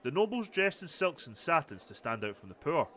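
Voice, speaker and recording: Brief: man reading a calm, courteous game priest, lively bright delivery. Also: a little high, fairly quick. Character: humble older male high priest.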